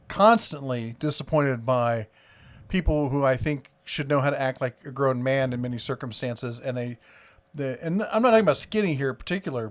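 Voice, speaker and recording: A man with an Iowa accent hosting a live stream, rambling casually, reading viewer comments aloud with many fillers. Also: mid-range voice.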